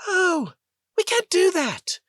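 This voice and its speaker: A brash young female fighter pilot, voiced by a man reading the book. Her voice sits high above his own and rings out urgently over comms. The recording is close and dry. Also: very animated, measured pace, vocal fry, no room sound, heavily acted. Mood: alarmed.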